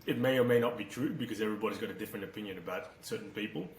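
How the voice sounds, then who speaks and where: A man's voice: on the low side, racing. A man hosting a podcast, chatty and rambling with lots of fillers in a casual interview. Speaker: podcast host. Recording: roomy echo, faint background noise.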